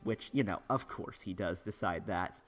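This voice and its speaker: A man's voice: low-pitched, moderate pace. Rambling young man doing game commentary. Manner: rambling, filler-heavy storytelling. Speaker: gaming YouTuber. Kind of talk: casual let's play commentary.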